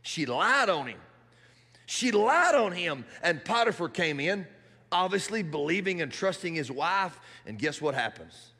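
A man preaching a sermon in a church hall, animated and building to shouts. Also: a little high, normal speed.

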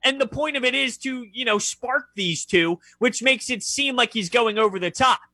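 High bright-voiced man talking sports. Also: no echo. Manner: animated, argumentative, quick to jump in. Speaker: sports radio co-host. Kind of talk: casual sports talk.

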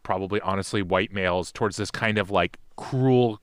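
A man's voice: deep voice, moderate pace, clear, resonant tone, no room sound, clean studio sound. Impassioned, rambling man on a podcast. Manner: impassioned, rambling with many restarts. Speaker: podcast co-host. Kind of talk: casual chat.

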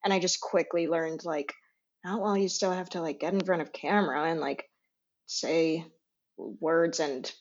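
A woman's voice: deep voice, unhurried, muffled recording. A woman, an actress guest in a casual interview, laughing often and downplaying herself. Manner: giggly and self-deprecating.

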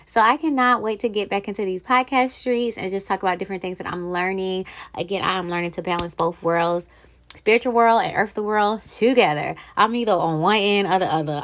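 Chatty woman hosting a podcast. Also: mid-range voice. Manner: chatty, upbeat, talks straight to listeners. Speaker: podcast host. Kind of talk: casual solo podcast chat.

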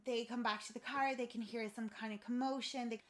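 A woman's voice: on the high side, fairly even intonation, fairly quick, fairly bright tone. A sounding woman chatting casually, animatedly retelling a film's story and acting out the characters' lines. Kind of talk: casual chat retelling a film plot.

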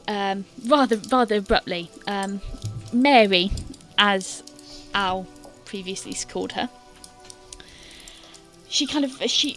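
A woman's voice: mid-range voice, fairly bright tone. A woman game master narrating a tabletop scene in detail, with many fillers and hesitant restarts.

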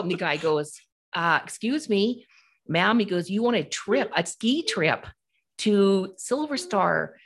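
Lively woman telling a story. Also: medium pitch, unhurried, slightly rough. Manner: animated, acts out quoted voices. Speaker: podcast co-host. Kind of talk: casual storytelling.

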